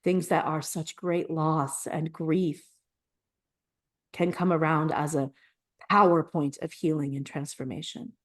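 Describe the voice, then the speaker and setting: A woman with a low-pitched voice talks on a podcast in a relaxed, personal way. She is animated and earnest, and she laughs often as she tells her stories. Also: unhurried. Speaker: podcast co-host. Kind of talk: casual conversational podcast chat.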